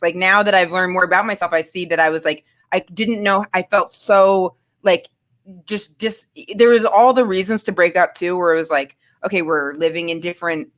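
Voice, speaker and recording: A woman's voice: on the low side, a bit bright. Candid rambling woman from Maine. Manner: candid, rambling with many fillers and restarts. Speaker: guest. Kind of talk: casual chat, personal storytelling.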